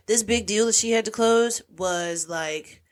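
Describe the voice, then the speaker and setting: Animated woman retelling a movie plot. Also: mid-range voice, unhurried. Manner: animated storyteller, acts out quoted lines. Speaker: podcast co-host. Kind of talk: casual chat recapping a movie.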